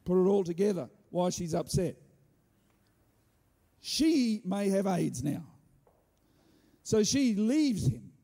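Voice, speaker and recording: High-voiced preacher man in a reverberant hall. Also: slow, vocal fry, long pauses. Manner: animated, humorous asides. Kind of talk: sermon with storytelling.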